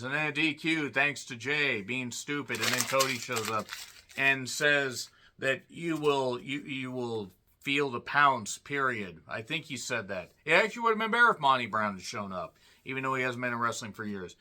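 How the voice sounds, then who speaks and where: A man giving a casual spoken review of a wrestling show, sardonic and dry, often clearing his throat. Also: medium pitch, lively intonation, a little fast, few pauses, bright, forceful tone.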